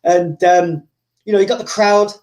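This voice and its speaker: A man's voice: sits high, fairly even intonation, normal speed, darkish tone. Male host, casual rambling storyteller, full of fillers and acted-out voices.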